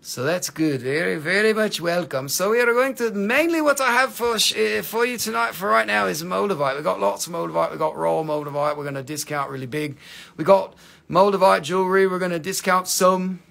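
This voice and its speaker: A man's voice: high voice, a little fast, creaky, fairly bright tone. A man with an Appalachian accent hosting a casual livestream to sell minerals, joking around and rambling with lots of "you know". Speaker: livestream host selling minerals.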